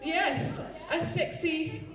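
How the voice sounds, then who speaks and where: A woman's voice: very high-pitched, lively intonation, drawn-out words. A woman hosting a live burlesque show, playful and teasing, laughing often, recorded from afar in a large venue with a crowd. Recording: distant mic in an echoey hall with crowd.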